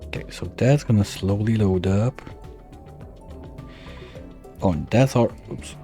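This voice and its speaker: A man's voice: on the low side, unhurried, mellow, faint music behind. A man giving casual let's-play commentary, thinking aloud and muttering his calculations as he plans. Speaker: gameplay streamer.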